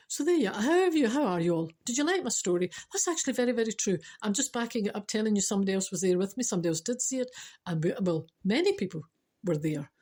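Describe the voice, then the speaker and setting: Older Scottish woman, vlogger: mellow husky tone, chatty storyteller with earnest spiritual asides. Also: on the high side. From Scotland. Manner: chatty, laughing, animated storytelling. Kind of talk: casual storytelling to camera.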